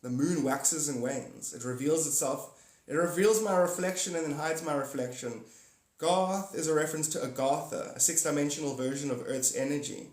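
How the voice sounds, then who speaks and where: A man's voice: fairly high pitch, moderate pace, few pauses, a little mellow. A man hosting a livestream and chatting with viewers in a rambling, casual way, jumping between topics and laughing often. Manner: giggly, jumps between topics, talks to viewers by name. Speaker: livestream host. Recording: echoey room.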